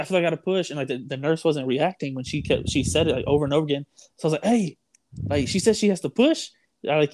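A man's voice: a little high, slight background noise. A young man telling a story in casual chat, rambling with lots of "like", "dude" and "bro". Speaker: storyteller guest.

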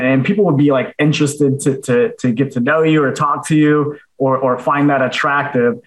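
A man with an American accent chatting as a podcast guest in a relaxed way. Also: medium pitch, moderate pace, hardly any pauses. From United States. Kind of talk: casual podcast chat. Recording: echoey room sound.

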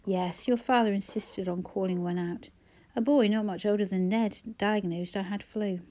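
A woman's voice: medium pitch, fairly even intonation, normal speed, warm tone, natural voice. A woman reading a wry, flu-sick woman. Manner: dry, wry humour. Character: woman, ill with flu, wry and self-mocking.

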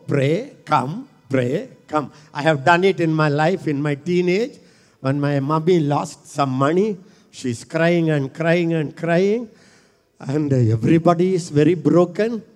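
A man's voice: a little high, expressive, unhurried, faint music behind. Fervent male preacher. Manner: fervent, repetitive, rising to shouts. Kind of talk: sermon. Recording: long hall reverb.

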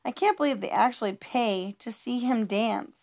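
A woman's voice: a little high, moderate pace, creaky, a little mellow. A woman reading humorous rhyming children's poems aloud in a playful, sing-song rhythm.

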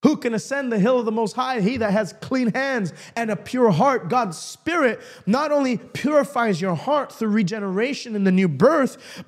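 Male preacher, broadcast sermon, fervent, lively pitch, builds to shouting. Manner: fervent, rising to shouted declarations.

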